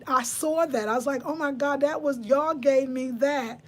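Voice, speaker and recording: A woman in her fifties with a way of speaking, hosting a casual live chat. Her voice sits a little high. She talks to her viewers and answers their comments. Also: moderate pace. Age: 50s. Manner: chatty, reads out viewer comments. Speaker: livestream host.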